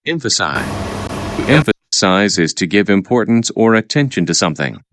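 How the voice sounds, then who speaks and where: A man reading out vocabulary words and their definitions, halting and repeating each word after explaining it. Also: on the low side, big pitch swings. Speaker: vocabulary teacher. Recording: noisy recording with clicks.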